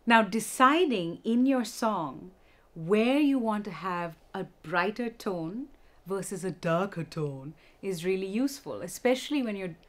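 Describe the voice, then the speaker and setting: Give me a woman vocal teacher calmly explaining how to sing. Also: mid-range voice, unhurried. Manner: explains clearly and demonstrates vocal techniques. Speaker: vocal instructor. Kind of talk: music lesson with sung demonstrations.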